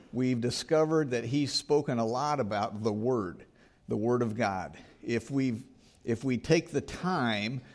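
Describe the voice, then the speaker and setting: A man preaching a Sunday sermon as pastor, earnest, reading scripture aloud and rising in emphasis on key points. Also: mid-range voice.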